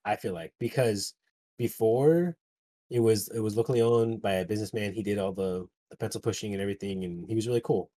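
A man with a low, dark, husky voice, chatting loosely and swearing freely. He tells his story in a rambling way and slips into quick impressions of the people in it. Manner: rambling, profane, animated retelling with quoted voices. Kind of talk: casual storytelling chat.

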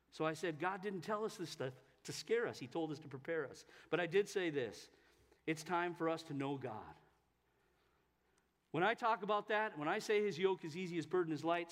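A male pastor with a high, bright voice preaching in a church sanctuary. He is emphatic and swells into loud, fervent exhortation. A long hall reverb trails his words. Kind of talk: sermon.

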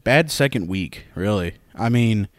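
Profane young guy, low dry voice. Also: animated, unhurried, no room sound. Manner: loose, profane, storytelling, laughs often. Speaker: podcast host. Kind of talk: casual sports podcast chat.

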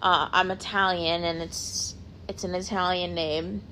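A woman's voice: on the low side, level tone, a little slow, sharp tone, slight background noise. A young adult woman hosting a podcast, rambling casually on her own, peppering her talk with "like" and correcting herself as she goes. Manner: rambling, heavy use of "like", self-correcting. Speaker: podcast host. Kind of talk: casual solo chat.

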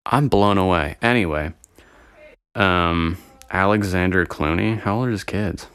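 Low-voiced man rambling profanely. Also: measured pace, fairly bright tone, smooth, no echo, clean studio sound. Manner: rambling, profane, easily sidetracked. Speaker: vlogger. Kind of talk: casual solo chat to viewers.

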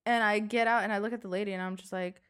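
A woman's voice: medium pitch, very fast, smooth. A young woman co-hosting a casual podcast, telling stories animatedly and swearing a lot. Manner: animated storytelling, swears a lot, acts out quotes. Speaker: podcast co-host. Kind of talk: casual chat. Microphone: desk mic.

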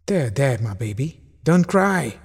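A man voicing a kind, gentle rabbit uncle in a storybook, speaking slowly and soothingly. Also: mid-range voice, big pitch swings, slightly rough, exaggerated voice. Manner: soothing, slow and tender. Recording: long hall reverb.

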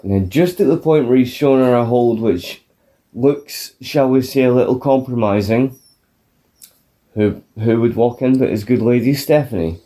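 A man's voice: mid-range voice, moderate pace, warm tone. Sweary, jokey man co-hosting. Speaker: podcast co-host. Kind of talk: casual wrestling recap chat.

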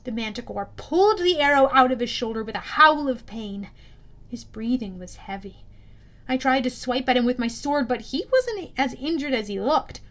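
Woman, audiobook narration, high voice, steady, self-correcting. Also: moderate pace.

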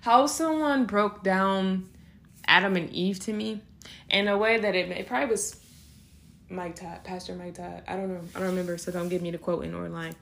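A young adult woman hosting a casual faith-based podcast, talking in an animated way, often laughing between phrases and slipping into acted voices. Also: lowish voice, moderate pace, vocal fry. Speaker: podcast host.

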